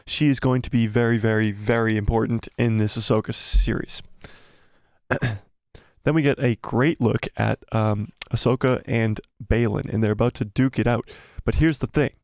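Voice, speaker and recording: A man doing live, casual commentary as he breaks down a trailer, excitable and rambling, with many fillers and repeated words. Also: medium pitch, normal speed, dry recording, clean studio sound.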